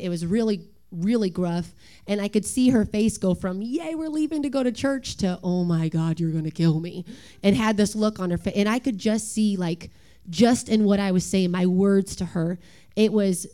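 A woman's voice: medium pitch, clear, resonant tone. A woman in her thirties, a worship leader hosting an earnest, confessional church talk about parenting. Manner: earnest, confessional, with gentle laughs.

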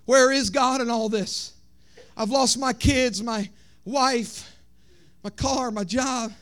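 A man preaching a sermon with rhythmic emphasis, swinging between shouted lines and hushed ones. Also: very high-pitched, steady tone, slow.

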